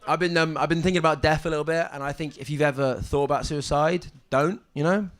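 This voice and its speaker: Halting deadpan comic, slightly high. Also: male voice. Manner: halting deadpan delivery with frequent ums and restarts. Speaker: stand-up comedian. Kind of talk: stand-up set. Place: comedy club stage with audience. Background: audience laughter.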